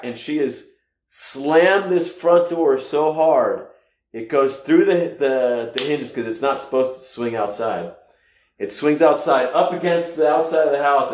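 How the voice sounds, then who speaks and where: A man from the United States telling a personal story casually, rambling with halting restarts and sudden loud bursts. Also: mid-range voice. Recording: echoey room.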